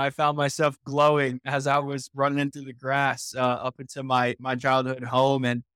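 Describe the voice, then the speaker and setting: A man's voice: mid-range voice, fairly bright tone, clear, resonant tone, no echo, studio quality. A man in his twenties from Indiana, a podcast guest earnestly recounting his personal story with frequent restarts.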